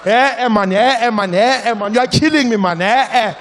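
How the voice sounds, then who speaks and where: A man's voice: very high-pitched, brisk, background noise, voice pushed up. A man voicing a furious, penny-pinching uncle who screams and rants. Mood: ranting. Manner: screaming, ranting.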